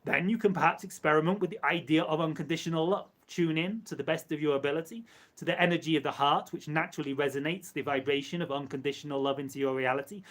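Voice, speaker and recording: A man with a slightly high voice channels an entity live. He speaks as "we" in slow, measured phrases and repeats words for emphasis. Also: a bit bright. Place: live stream.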